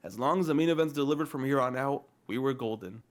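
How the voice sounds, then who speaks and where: A man recounting a match in emphatic, excited play-by-play style for a reaction show. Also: mid-range voice, quick pace. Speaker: co-host reacting to wrestling. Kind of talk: passionate reaction commentary.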